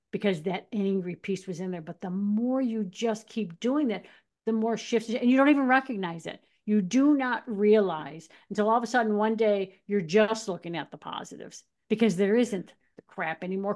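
A woman with a medium-pitched, slightly mellow voice co-hosts a podcast. She tells personal stories in casual chat, acting out quotes and laughing along the way.

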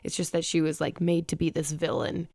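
With a low voice, a bit of vocal fry, and a slightly quick pace, this young podcast host candidly recounts her own dating experience. She tells it confessionally, animatedly quoting the other people involved.

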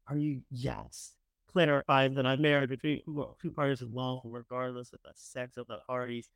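A man hosting a show, casually commenting as he reads through candidates, chatty and sarcastic, with loud bursts of enthusiasm and mumbled asides. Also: medium pitch, level tone, normal speed, vocal fry, smooth, no echo. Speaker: show host reviewing candidates.

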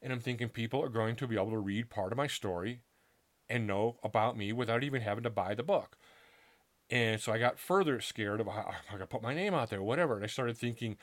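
A middle-aged man tells a personal story in an earnest, casual way. He stumbles and restarts now and then and acts out the voices of the people in it. His voice sits at an ordinary middle pitch. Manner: earnest, halting, with restarts and acted-out quotes. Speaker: author telling his story.

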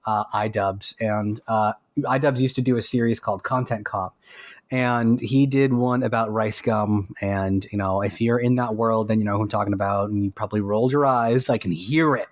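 A man co-hosting a casual music podcast from a remote call, talking in an excitable, rambling and self-mocking way. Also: fairly low pitch, moderate pace, dry recording. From Canada. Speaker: podcast co-host. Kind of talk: casual chat. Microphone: remote call mic.

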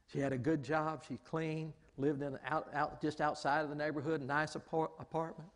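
A man preaching a lively storytelling sermon in a large church hall, exclaiming often and acting out the people he quotes. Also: a little high, moderate pace. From Southern United States. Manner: animated, exclaims often, acts out quoted voices. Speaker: pastor. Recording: long hall reverb.

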